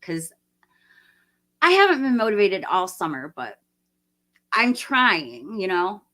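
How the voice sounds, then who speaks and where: Speaking slowly but very animatedly, a late-forties livestream host has a medium-pitched voice that sounds pushed and bright. She chats casually, drifts from topic to topic and laughs often while answering viewer comments.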